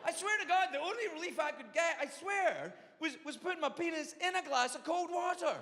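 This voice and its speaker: Scottish comedian telling a wild story, voice all over the place, big echoey hall. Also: male voice, extremely high pitch, fairly quick, background noise. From Scotland. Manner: animated, confessional, exaggerated. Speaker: stand-up comedian. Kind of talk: stand-up storytelling. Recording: long hall reverb, faint ambience.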